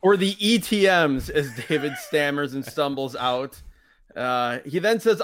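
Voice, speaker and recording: A man co-hosting a casual chat podcast, his voice sitting a little higher than most. He talks wryly and drops dry asides, now and then quoting lines in a mock voice. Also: lively intonation, a little slow, fairly bright tone. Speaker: podcast host. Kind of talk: casual chat reviewing old wrestling.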